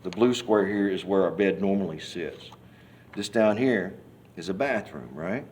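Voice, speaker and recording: Speaking at normal speed in a low voice, a church member recounts his testimony for an interview. He rambles in a folksy way, restarting often, and brings the story to life by acting out scenes and hollering quoted cries.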